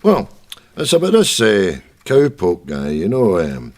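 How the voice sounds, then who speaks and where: A man's voice: a little slow, heavily acted. An actor with a Scottish accent playing a grumpy old man called Jack, bickering and grumbling in a sketch comedy. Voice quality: grumbling, bickering, lively pitch.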